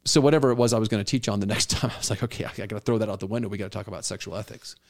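A man's voice: lowish voice, rapid-fire, vocal fry, a little mellow. A middle-aged man, a pastor co-hosting a podcast, talking earnestly and telling stories with quoted dialogue. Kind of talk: conversational podcast talk.

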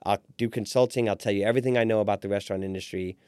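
Rapid-fire and smooth with a lowish voice, a forties-aged restaurant owner spins his story as a podcast guest during a casual interview, animatedly playing the people he quotes. It's a dry recording with clean studio sound.

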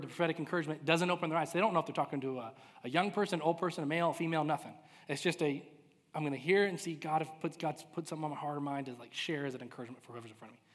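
Pastor, male, 30s; excitable, self-deprecating preacher telling a story in a big echoing church hall. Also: on the high side. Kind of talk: sermon storytelling. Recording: reverberant hall.

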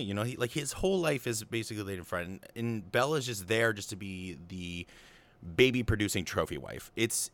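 A man's voice: on the low side, a bit bright. A man retelling a film plot in casual chat, opinionated and amused, with lots of fillers and restarts.

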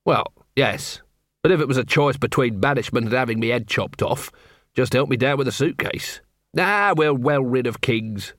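A man's voice: medium pitch, normal speed, fairly bright tone, no echo, natural voice. A man voicing a dry, world-weary middle-aged watch captain in an audiobook.

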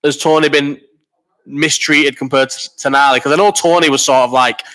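Man, early thirties, bright forceful voice, sweary rambling banter, coughing and under the weather, live-stream chat into a desk mic. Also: fairly high pitch, fairly even intonation, moderate pace. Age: 30s. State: sick with a cough. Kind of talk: casual live-stream chat reading comments. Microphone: desk microphone.

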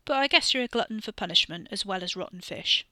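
A woman's voice: mid-range voice, animated, fast, bright, forceful tone, no room sound, clean studio sound. A woman voicing a cocky young man who teases and mocks cheerfully. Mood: teasing. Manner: cheeky, mocking banter.

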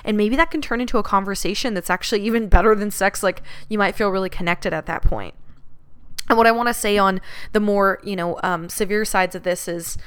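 Brief: woman host, very smooth and resonant voice, mid-pitched, candid and chatty, swears freely, relaxed advice-giving. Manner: candid and chatty, swears freely, many "like" and "you know" fillers. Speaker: podcast host. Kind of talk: frank casual advice talk.

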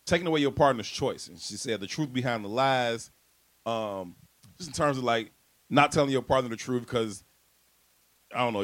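A man's voice: medium pitch, fairly bright tone. A man co-hosting a casual podcast, speaking in with a laid-back, reflective manner and frequent restarts. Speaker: podcast co-host.

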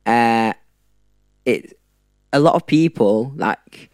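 Young man chatting with halting restarts. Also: medium pitch, smooth, dry recording, studio quality. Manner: hesitant, frequent restarts, warm and informal. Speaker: guest. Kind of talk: casual chat.

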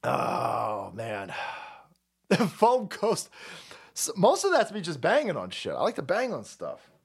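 A man's voice: medium pitch, wildly swooping pitch, normal speed, gravelly, breathy edge. A man hosting a livestream, ranting about politics in a heated, crude and mocking way and swearing constantly. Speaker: livestream host. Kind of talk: profane political rant on a livestream.

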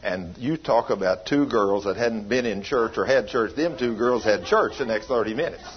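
In a church hall, a man with a lowish voice preaches at a moderate pace, recounting a healing story in a folksy, emphatic style. It's sermon storytelling, captured on a dull, lo-fi recording.

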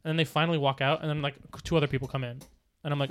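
Fast-talking young man, rambling casually. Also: on the high side, steady tone, fairly bright tone, no echo. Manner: fast, rambling storytelling with many fillers. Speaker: podcast co-host. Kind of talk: casual chat.

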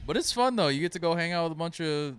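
A young man from Tennessee with a bright, crisp voice, sitting close on a dry mic. He co-hosts a podcast and tells wild, swear-laden stories, talking animatedly and laughing often. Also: a little high, quick pace, dry recording. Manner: animated, profane storytelling with laughter. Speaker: podcast co-host. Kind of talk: casual chat.

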